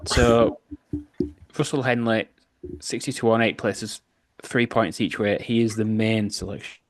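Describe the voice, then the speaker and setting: A man co-hosting a golf podcast, giving his picks in a dry, sarcastic, measured way. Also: lowish voice, steady tone. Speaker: podcast co-host. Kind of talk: casual podcast chat.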